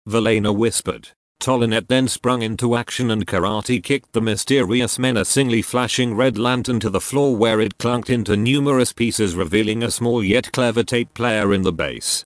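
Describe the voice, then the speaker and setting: Man, storyteller, deadpan, melodramatic, low pitch, dry close recording. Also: normal speed, hardly any pauses, no room sound. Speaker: narrator. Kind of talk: scripted story reading.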